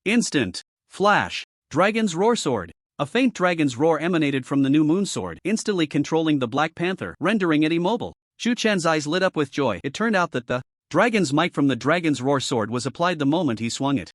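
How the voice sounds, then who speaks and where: A man narrating a story recap in a steady scripted read. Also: a little high, dry recording, studio quality.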